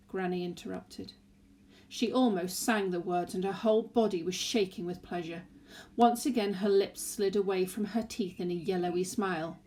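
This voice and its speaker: A woman narrating a children's novel aloud in an expressive storytelling way. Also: lowish voice, moderate pace.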